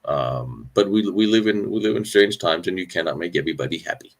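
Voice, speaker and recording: Deep-voiced man hosting a live Q&A. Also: animated, fairly quick. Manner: candid, rambling, with restarts and sarcasm. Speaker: battlefield history host. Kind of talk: live stream Q&A. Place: indoors, traveling on location.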